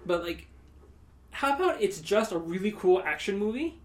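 A man's voice: high voice, lively intonation, normal speed. Rambling man co-hosting a podcast. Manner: rambling, with joking asides. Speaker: podcast co-host. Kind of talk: casual chat.

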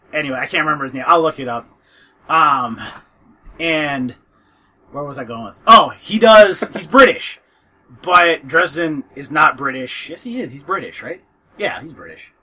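Man, podcast co-host, casual chat, rambling, husky, very bright. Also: a little high, animated, measured pace, pauses often. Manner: rambling, loses his train of thought. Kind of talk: casual chat about books.

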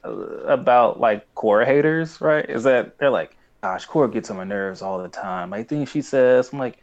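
A man's voice: medium pitch, normal speed, few pauses, muffled recording. A young man chatting casually as a podcast co-host, rambling and acting out quoted lines. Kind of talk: casual chat recapping a cartoon.

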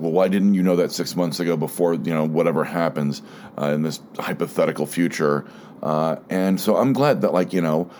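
A man with a very low voice hosts his own podcast alone, rambling through his thoughts with lots of fillers, restarts and searching for words. A slight frog sits in his throat, and faint room noise hums behind him. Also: darkish tone. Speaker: podcast host. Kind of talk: casual solo monologue.

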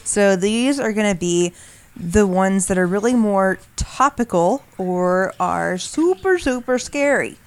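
A woman's voice: mid-range voice, expressive, slow pace. A woman co-hosting a podcast, explaining in casual chat with many restarts and fillers. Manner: rambling, frequent restarts and fillers. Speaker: podcast co-host.

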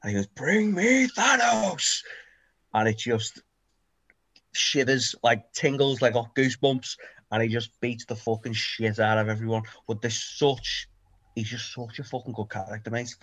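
Scouse lad co-host, sweary and fired up, ordinary pitch. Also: male voice, moderate pace. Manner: animated, sweary, excitable storytelling. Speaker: podcast co-host. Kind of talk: casual chat.

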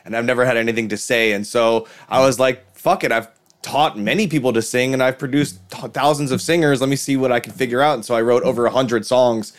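Produtor musical falando com ênfase. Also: male voice, mid-range voice, steady tone, fast, hardly any pauses. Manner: emphatic, swearing. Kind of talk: casual podcast chat.

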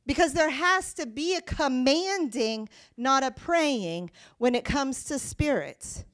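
A woman preaching a sermon, emphatic and rising to forceful declarations, reading scripture aloud more quietly. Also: sits high, expressive, slow.

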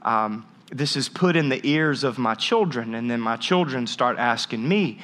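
A man's voice: medium pitch, animated, moderate pace, hardly any pauses, a bit bright. A man in his thirties preaching a humorous sermon, telling a story with jokey asides and frequent restarts. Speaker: pastor.

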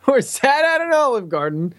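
A man's voice: very high-pitched, sing-song, unhurried, a bit bright, no echo. A young man co-hosting a casual podcast, cutting in with incredulous, swearing, teasing remarks. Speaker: podcast co-host. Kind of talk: casual chat.

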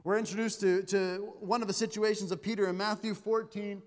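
A man with a high-pitched voice preaches a sermon, talking conversationally with stammered restarts and touches of self-deprecating humor. His voice carries a long reverb, as if he were in a church sanctuary. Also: little pitch movement, fairly quick. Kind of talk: sermon with scripture reading.

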